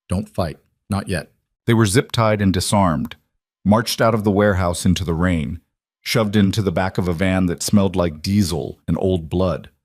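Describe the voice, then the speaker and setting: A man narrating a dark crime story in a steady, grave, scripted manner. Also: fairly low pitch, no echo, clean studio sound.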